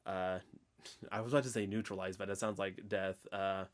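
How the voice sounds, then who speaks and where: A man's voice: low voice, level tone, normal speed. A man with an Oklahoman accent co-hosting a casual podcast, rambling with lots of fillers and restarts. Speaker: podcast co-host. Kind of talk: casual chat.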